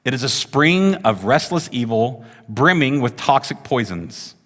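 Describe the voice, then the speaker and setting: A man's voice: mid-range voice, very animated, measured pace, a bit bright, big-room sound. A man preaching a sermon to a congregation, chatty and talking with the room, often checking in with "right?". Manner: conversational, frequent "right?" tag questions. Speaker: pastor.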